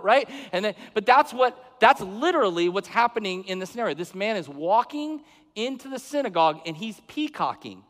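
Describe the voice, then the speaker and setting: A man's voice: sits high, lively intonation, moderate pace, sharp tone. A middle-aged man preaching a sermon, conversational, asking the congregation questions and acting out the people he quotes. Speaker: pastor. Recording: long hall reverb.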